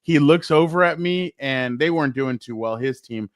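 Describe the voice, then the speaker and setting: Male co-host, casual sports talk, smooth resonant tone, dry close mic. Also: fairly high pitch, normal speed, dry recording. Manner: rambling, lots of fillers and laughs. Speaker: podcast co-host.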